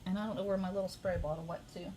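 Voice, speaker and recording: A woman hosting a casual live craft tutorial, chatty and easily excited, often gushing over her work. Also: medium pitch, racing, breathy edge.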